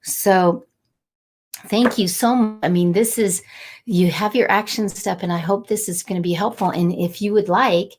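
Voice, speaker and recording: A middle-aged woman talking warmly and a little rambling as she encourages viewers during a live motivational stream. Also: mid-range voice, fairly even intonation, moderate pace, a little hiss or hum. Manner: warm, encouraging, rambling and conversational. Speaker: angel card reader and inspirational host.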